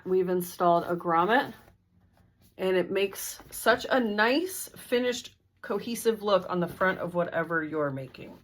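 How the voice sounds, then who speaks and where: A woman's voice: medium pitch, a bit bright, slight background noise. A woman walking through a sewing tutorial step by step, in a friendly, methodical, casual way. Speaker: sewing instructor.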